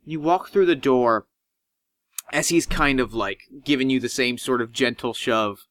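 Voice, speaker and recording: A man narrating a tabletop game as game master, animated and swinging in pitch as he describes scenes. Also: unhurried, no room sound.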